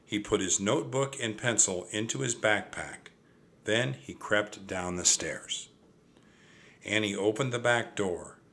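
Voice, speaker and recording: An older man reading a children's chapter book aloud, with a gentle, reassuring manner. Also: lowish voice, measured pace. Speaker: storybook reader. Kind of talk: children's story read-aloud.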